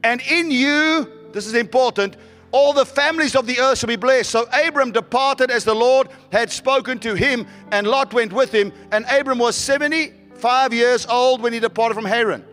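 A man's voice: very high voice, moderate pace, a bit bright, long reverb tail, faint music behind. A man preaching a sermon as pastor, building to fervent callouts to the congregation.

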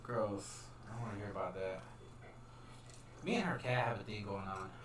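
A man co-hosting a casual podcast chat, chatty and quick to laugh. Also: lowish voice, very noisy. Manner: animated, laughs easily, chatty. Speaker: podcast co-host. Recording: echoey room, mic at a distance.

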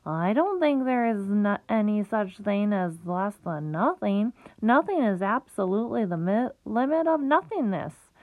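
A woman voicing a young, lonely male pig who pleads and rises high on his questions, on a tinny phone-like recording. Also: animated, measured pace, few pauses, no room sound. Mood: plaintive.

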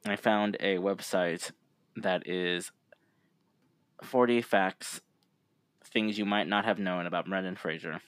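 Low-voiced guy on a podcast, relaxed, reading fun facts, dry mic. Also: slow pace, pauses often, smooth, dry recording. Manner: laid-back, reads out trivia with laughs. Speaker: podcast co-host. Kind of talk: casual chat.

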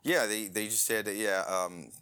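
A man's voice: measured pace, clear, resonant tone. A man co-hosting a casual podcast chat, ranting with lots of swearing and big swings in his voice. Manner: profane, ranting, animated swings in pitch.

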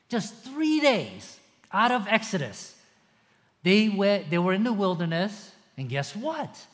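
Male preacher, sermon, animated storytelling, rhetorical questions, long hall reverb. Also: on the high side.

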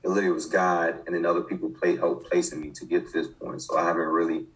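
A man in his twenties with a fairly low voice talks in a loose, conversational way. He stops and restarts often, padding his thoughts with fillers as he answers questions. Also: flat delivery, a bit bright, rough recording. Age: 20s. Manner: halting, many restarts and fillers. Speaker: football coach, interview guest. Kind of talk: casual conversation.

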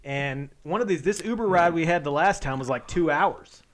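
A man's voice: on the high side, normal speed. A man in his thirties co-hosting a podcast, telling stories in a rambling way with lots of fillers. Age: 30s. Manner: rambling storytelling with many fillers. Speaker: podcast co-host. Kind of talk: casual chat.

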